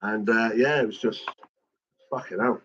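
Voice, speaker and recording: A man's voice: lowish voice, a little slow, slightly rough, highs cut off. A man talking casually and emotionally about his late father, swearing a lot and rambling. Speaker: son of a late cartoonist, guest.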